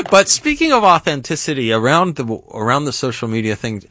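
A man co-hosting a political talk show, speaking in a deliberate, measured way and sometimes stumbling over words. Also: mid-range voice, big pitch swings, pushed and bright, no room sound. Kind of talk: casual political discussion.

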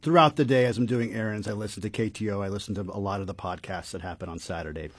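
A man's voice: on the low side, fast talker, breathy edge, dry recording. A man co-hosting a radio pledge drive, chatting casually and upbeat in the studio. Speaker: sponsorship manager. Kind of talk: casual on-air chat.

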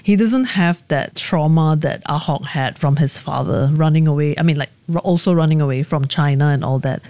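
A woman's voice: sits low, normal speed, dark tone, no echo. A young adult woman novelist answering interview questions in a thoughtful, hedging way, laughing often. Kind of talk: interview conversation.

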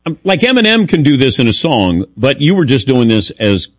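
Wry, lively male radio host. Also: mid-range voice, fairly quick, no room sound. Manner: wry, teasing, lively delivery. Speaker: radio sports show host. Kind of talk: casual radio talk and read ad.

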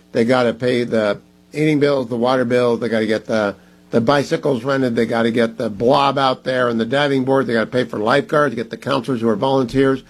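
A man's voice: medium pitch, low-quality recording. A man hosting a talk radio show, speaking emphatically and urging listeners to donate. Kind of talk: conservative talk radio monologue.

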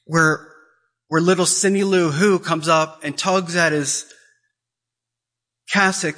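Impassioned man preaching, bright voice. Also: measured pace, pauses often. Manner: emotional, rising to high-pitched pleading; acts out quoted dialogue. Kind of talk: impassioned sermon.

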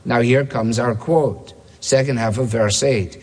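A man preaching a sermon, emphatic, repeating key phrases and slowing down to stress words. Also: medium pitch, steady tone, darkish tone. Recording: long hall reverb.

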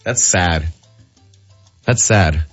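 A man, telling animated, slangy stories as a podcast co-host. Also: low-pitched, drawn-out words, muffled recording, faint music behind. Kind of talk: casual chat.

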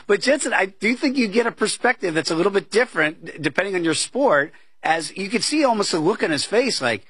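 A man with a slightly high, husky voice hosts a sports betting show in an easy, chatty way. He is heard close and dry, with no room sound. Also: expressive, a little fast, pushed and bright, dry recording. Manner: chatty, conversational, fond of asides. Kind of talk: casual sports talk.

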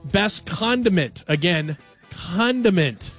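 A man hosting a sports radio show, chatting casually and reading headlines in a jokey, animated way. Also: sits high, slow pace, faint music behind.

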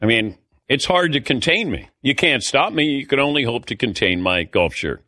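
A man's voice: mid-range voice, expressive, moderate pace, bright, forceful tone, no room sound, studio quality. A middle-aged man hosting a sports talk show, telling a rambling, indignant, self-mocking story in a casual way. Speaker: sports radio host.

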